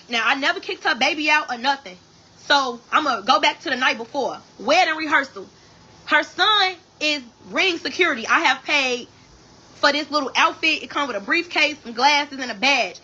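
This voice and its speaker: A woman telling her own wedding story to viewers on a livestream from her bed. She is animated and profane, keeps calling her viewers y'all, and speaks. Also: high voice, lo-fi sound. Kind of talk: casual storytelling to a live audience. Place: at home in bed.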